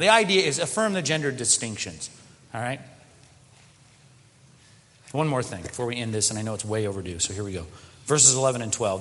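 A man preaching a sermon as pastor, animated, often slipping into mock quoted voices. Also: a little high, a little hiss or hum. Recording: long hall reverb.

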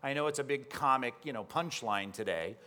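A male pastor preaching a sermon, lively and teaching, often putting questions to the congregation. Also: medium pitch, brisk.

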